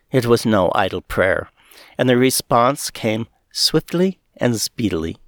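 Man reading a memoir, expressive. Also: mid-range voice, no echo, studio quality. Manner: earnest, measured, expressive reading. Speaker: reader. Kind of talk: audiobook narration of a memoir.

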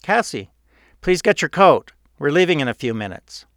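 A man voicing an exasperated father who goes from asking politely to yelling at his daughter. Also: a little high, very animated, moderate pace, no echo, studio quality, pitched above the performer's own voice. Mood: patient request. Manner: rising from polite request to yelling.

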